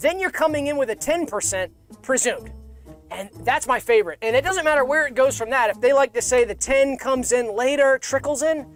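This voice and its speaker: A man co-hosting a comedy livestream, rambling in a mock-earnest deadpan and repeating himself. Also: very high-pitched, brisk, soft background music. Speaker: co-host.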